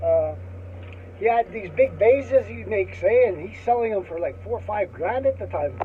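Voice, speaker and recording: A Canadian man with a strikingly high voice tells a rambling story in a casual, chuckling way, tagging his sentences with "eh". The sound is thin and phone-like, with a faint hiss underneath. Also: lively intonation, moderate pace. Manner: rambling, chuckling, tags lines with "eh". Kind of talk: casual anecdote. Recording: tinny phone-like line with faint noise.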